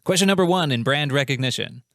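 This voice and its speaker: A man's voice: on the high side, expressive, fast, fairly bright tone, dry recording, clean studio sound. A man hosting a comedic quiz show, reading out questions and answers in a playful, jokey, self-mocking way.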